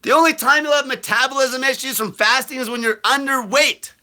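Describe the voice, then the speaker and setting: High, bright shouting ranter, man. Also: fairly even intonation. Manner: profane, blunt, aggressive; fast bursts of shouting. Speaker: host answering viewer questions. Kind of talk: live Q&A rant.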